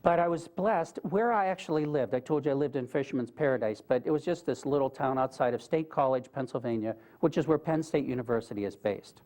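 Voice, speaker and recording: A man's voice: mid-range voice, a little fast, few pauses, a little mellow. Earnest male speaker, conversational lecture storytelling, talks straight to the room. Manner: earnest, conversational, asks the audience questions. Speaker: guest speaker. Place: lecture room with a live audience.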